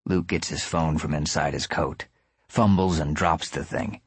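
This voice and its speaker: A man's voice: extremely low pitch, fairly even intonation, a little slow, breathy edge, dry recording. A man narrating an audiobook in the first person with a dry, sardonic delivery.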